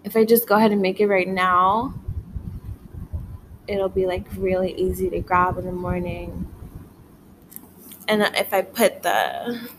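A woman's voice: fairly low pitch, fairly even intonation, a little slow, pauses often, slight background noise, poor audio. A sleepy woman chatting casually in a vlog, rambling and saying "like" a lot. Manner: rambling, heavy use of "like".

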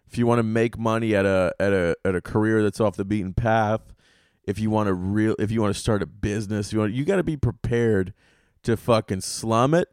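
A man hosting a podcast in a casual monologue, rambling and swearing through animated stories. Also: fairly low pitch, clean tone, dry recording, studio quality. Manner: profane, rambling, animated storytelling. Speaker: podcast host.

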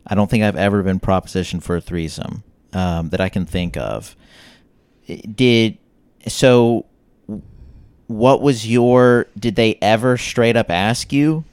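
A man in casual chat, hesitant and unhurried, asking rambling follow-up questions. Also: on the low side, a little mellow, smooth, no echo.

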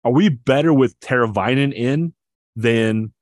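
A man's voice: mid-range voice, a little slow, darkish tone, no room sound. Man, podcast co-host, casual sports talk, eager explainer, stammering restarts, dry sound.

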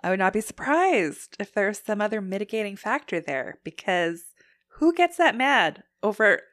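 A woman from Canada co-hosting a podcast, recapping episodes in casual chat and loudly acting out quotes. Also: mid-range voice, normal speed, no room sound, clean studio sound. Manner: animated, acts out quotes loudly. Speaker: podcast co-host.

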